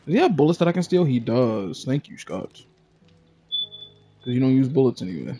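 A man's voice: medium pitch, sing-song, a little fast, mellow, faint music behind. A young man streaming a video game, talking casually with lots of swearing, laughter and silly sung nonsense syllables. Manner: profane, laughs a lot, sings nonsense syllables. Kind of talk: casual gaming stream chat.

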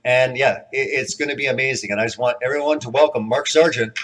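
A man's voice: mid-range voice, very noisy. A man introducing the next speaker at a conference, enthusiastic and admiring, with small restarts. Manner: enthusiastic, admiring, slightly halting.

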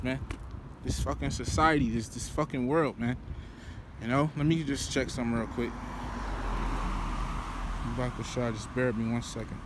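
A man's voice: medium pitch, moderate pace, pauses often. A man preaching while walking outdoors, rambling and profane, padding his talk with "you know" and "man". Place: outdoors by a road. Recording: street traffic noise behind.

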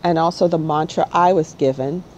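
A woman's voice: deep voice, fairly even intonation, moderate pace, a little mellow, highs cut off, slight background noise. A woman hosting her own spiritual channel, talking straight to the viewer in a blunt, no-nonsense way and often checking in with "okay?". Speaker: spiritual guide and channel host. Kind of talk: casual spiritual talk to camera.

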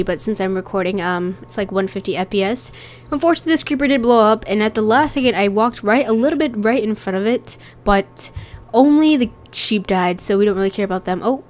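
A young woman with a cold, coughing and rough-voiced, chatting casually and getting easily exasperated while she plays. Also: mid-range voice, fairly quick. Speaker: gaming channel host. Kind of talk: casual gameplay commentary.

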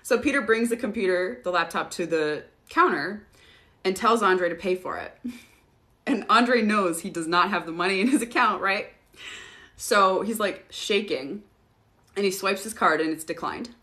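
Bright-voiced woman chatting casually. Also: medium pitch, normal speed. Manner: casual, swears freely, laughs often. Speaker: host answering viewer questions. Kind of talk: casual livestream chat.

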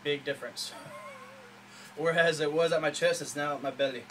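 A man in a casual show-and-tell vlog, talking excitedly with lots of fillers in a small room at home. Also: fairly high pitch, moderate pace, soft background music, rough recording. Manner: rambling, enthusiastic, many fillers. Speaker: hobbyist showing a custom saber.

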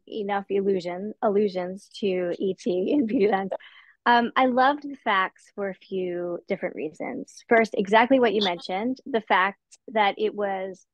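A woman's voice: mid-range voice, no echo. Woman author, interview guest; reflective, self-correcting delivery; dry, slightly muffled recording. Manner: thoughtful, with restarts and soft laughs.

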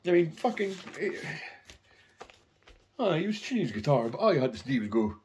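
A man's voice: on the high side, sing-song, brisk, a little mellow, slight background noise. A man casually rambling through anecdotes about his record collection, swearing constantly.

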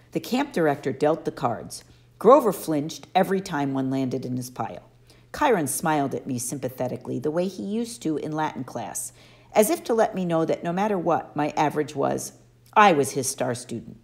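A woman narrating a children's novel aloud, expressively and slowing down for emphasis. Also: sits low, big pitch swings. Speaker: audiobook reader. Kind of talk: storybook narration.

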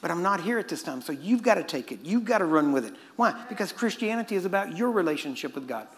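A middle-aged preacher from Texas, delivering a sermon in a fast, joking, conversational way. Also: male voice, high-pitched, very animated. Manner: fast-talking and joking with the audience.

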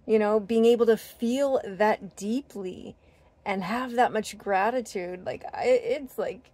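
Slow, earnest spiritual woman vlogger. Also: mid-range voice. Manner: earnest, gentle, with fillers and restarts. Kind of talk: heartfelt personal talk to camera.

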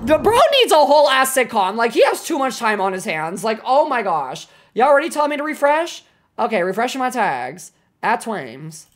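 A woman's voice: fairly high pitch, moderate pace. Chatty young woman streamer. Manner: chatty, excitable, lots of filler words. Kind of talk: casual livestream chat.

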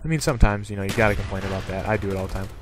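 A young man giving casual commentary on a video game, rambling and excitable, with lots of fillers. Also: fairly low pitch, racing, noisy background. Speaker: gaming commentator. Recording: game sound and gunfire behind. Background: gunfire from gameplay.

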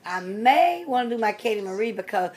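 A woman's voice: medium pitch, sing-song, a little fast, darkish tone. A woman in her sixties talking casually to her viewers, chatty and rambling, often repeating herself and trailing off with fillers. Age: 60s. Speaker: reborn doll collector vlogger. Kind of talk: casual rambling vlog talk.

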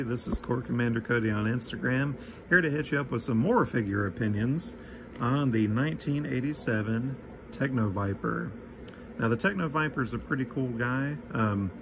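A man's voice: on the low side, creaky, noisy background. A man casually sharing his opinions on a toy figure, easygoing with frequent ums. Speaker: toy collector giving opinions. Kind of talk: casual chat.

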